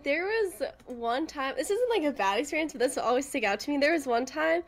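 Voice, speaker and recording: A woman telling lively stories in a casual group chat, acting out the voices of customers and coworkers. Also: high-pitched, fairly quick. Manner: lively storyteller, acts out drive-thru voices. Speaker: stream participant.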